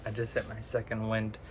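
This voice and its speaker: A man's voice: on the low side, monotone, measured pace, slight background noise. A man talking casually to camera, ranting with sarcasm, swearing freely and laughing often mid-sentence, recorded on a phone. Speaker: vlogger. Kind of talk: casual chat.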